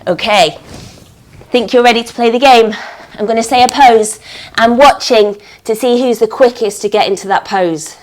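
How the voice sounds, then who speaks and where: A woman's voice: fairly high pitch, moderate pace. A woman leading a live online yoga class for children over a video call, upbeat and encouraging, with sing-song animal noises. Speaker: kids' yoga teacher.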